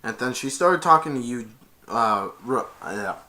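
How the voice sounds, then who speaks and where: A man talks through a film's story in a loose, rambling way, linking every event with "and then". His voice is bright and forward, and his pitch sits in the middle. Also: expressive, a little slow. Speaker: film reviewer. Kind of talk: casual plot retelling.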